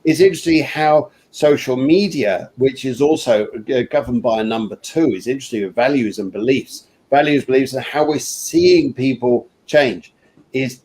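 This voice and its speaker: A man's voice: mid-range voice, moderate pace, a little mellow. A man co-hosting an online interview, talking in a rambling, chatty way and laughing easily. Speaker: co-host. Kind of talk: casual interview chat.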